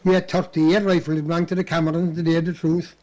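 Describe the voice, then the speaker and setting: A man's voice: a little high, level tone, fast talker, mellow. An older man, telling rambling anecdotes in an oral history interview, chuckling and restarting as he goes.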